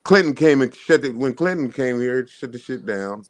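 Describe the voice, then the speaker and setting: A man's voice: mid-range voice, expressive, normal speed, no room sound. A man hosting a morning talk show, giving emphatic, preachy political commentary.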